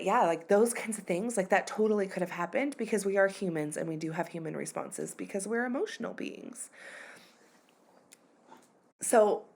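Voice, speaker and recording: Emotional woman in her thirties, candid podcast host. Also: medium pitch. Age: 30s. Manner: candid and confessional, uses many fillers like "like" and "you know". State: emotional, voice near tears at times. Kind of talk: personal podcast monologue.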